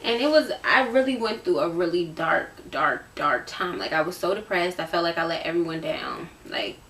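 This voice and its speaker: Talking to camera as a vlogger, a Virginia woman in her late teens shares an emotional, casual storytime and repeats herself for emphasis. She has a lowish, expressive, fairly bright voice at normal speed; the sound is roomy and distant, with slight background noise.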